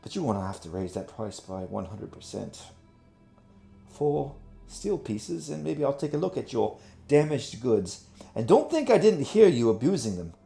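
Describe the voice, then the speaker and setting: A man's voice: medium pitch, big pitch swings, normal speed, vocal fry, mellow, faint music behind. A man voicing a pompous male bard who poses as a healer, boastful and haughty.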